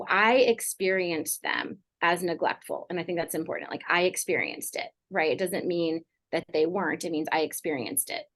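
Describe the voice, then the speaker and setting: A woman's voice: fairly low pitch, a bit bright. A middle-aged woman counselor talking casually on a podcast, rambling with many fillers like "like" and "you know". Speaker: mental health counselor guest.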